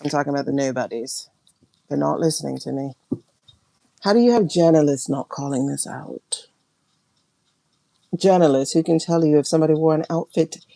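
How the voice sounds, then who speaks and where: Low dark-voiced woman ranting on her tarot stream, keeps repeating herself, gravelly. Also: dry recording. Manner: emphatic, repetitive, swings between loud and hushed. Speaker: tarot reader and livestream host. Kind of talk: ranting livestream monologue.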